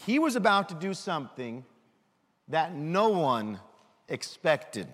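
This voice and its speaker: A man giving a children's sermon, lively and full of questions for the kids. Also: a little high, big-room sound. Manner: animated, asks children questions.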